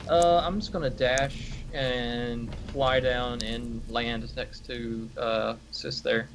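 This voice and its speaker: A man with a mid-range voice speaks slowly and easygoingly, with frequent fillers, while playing a tabletop game. Faint background noise can be heard. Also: medium pitch, fairly even intonation. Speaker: player. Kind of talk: casual tabletop chat.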